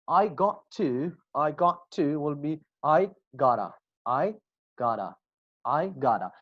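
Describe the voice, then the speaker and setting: A man's voice: a little high, no echo. Guy running an online english class, says every example twice, muffled call audio. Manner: slow, repeats example phrases, asks students questions. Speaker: English teacher. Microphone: video call. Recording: dull lo-fi video call audio.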